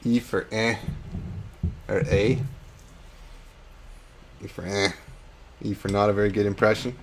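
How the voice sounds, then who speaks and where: Low gravelly man, chatty self-mocking stream host. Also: level tone, unhurried, a little hiss or hum. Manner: chatty, self-deprecating, laughs often. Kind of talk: casual chat on a live painting stream.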